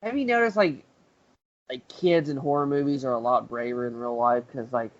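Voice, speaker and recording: A man's voice: mid-range voice, normal speed. A man co-hosting a podcast with casual jokes and offhand swearing. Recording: dry, dull podcast audio.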